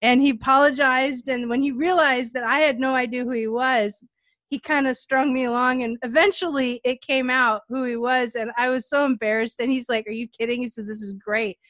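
A bubbly, chatty woman who laughs easily while she shares a story. Her voice is very high. The recording is dry and close, with no room sound. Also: steady tone, normal speed, a bit bright, no echo. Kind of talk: casual chat.

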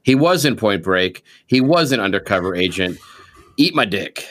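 A man co-hosting a podcast, chatting casually about movies, animated and profane, with loose rambling restarts. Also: fairly low pitch, normal speed. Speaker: podcast co-host.

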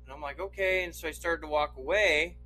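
A man's voice: on the high side, fairly even intonation, quick pace, pushed and bright, soft background music, low-quality recording. A man from Idaho telling a long story on a podcast, swearing often and laughing as he goes. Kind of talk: casual anecdote telling.

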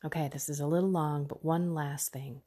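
A middle-aged woman hosting a faith podcast, giving an earnest pep talk that often drops into soft whispers. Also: deep voice, fairly even intonation, normal speed, slightly rough. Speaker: podcast host.

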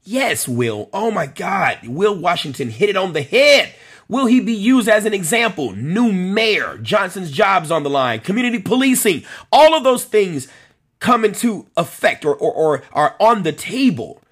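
Host, male, husky voice with a lively rise and fall, live-stream commentary, talks to commenters by name. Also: high-pitched, measured pace. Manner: conversational, repeats phrases for emphasis, addresses commenters by name. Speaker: host of a policing talk show.

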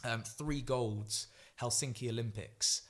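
A man who is a guest athlete on a podcast, telling stories in an animated way, acting out quotes, with frequent fillers and restarts. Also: mid-range voice, takes it slowly. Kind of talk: storytelling podcast chat.

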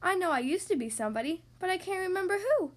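A woman's voice: high voice, normal speed. A woman voicing a sad see-through storybook man who speaks mournfully and sniffles.

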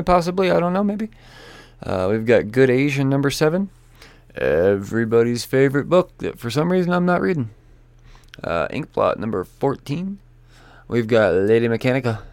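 A man chatting loosely about the week's new comics, cursing and cracking jokes as he rambles. His voice has a gravelly, fry-laden texture at a middle pitch. The sound is dry and close, with no room echo. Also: darkish tone. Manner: rambling, profane and joking. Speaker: comic book shop owner reviewing weekly releases. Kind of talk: casual solo chat about new releases.

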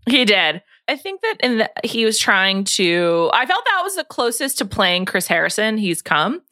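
Woman, podcast host, casual chat, animated, dry close mic. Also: medium pitch, no room sound. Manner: chatty, quick to laugh.

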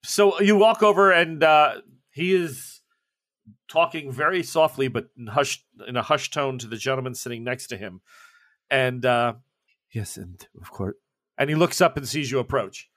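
A man narrating a tabletop game as game master, brisk and upbeat. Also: medium pitch, fairly bright tone.

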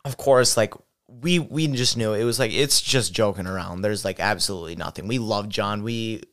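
Young guy rambling through a story, smooth clear voice, lots of likes and ums. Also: on the low side, moderate pace, a bit bright. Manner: rambling, filler-heavy storytelling. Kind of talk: casual storytelling chat.

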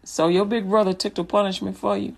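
A woman's voice: mid-range voice, steady tone, a little fast, vocal fry. A woman hosting a Christian radio show, preaching in a casual, joking way, often laughing and acting out little scenes as she talks. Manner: laughs often, storytelling with acted-out quotes.

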